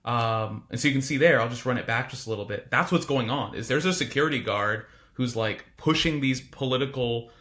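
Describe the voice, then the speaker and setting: A man's voice: medium pitch, brisk, hardly any pauses, bright, forceful tone. A man teaching a casual recorded history lecture, informal and chatty with frequent asides.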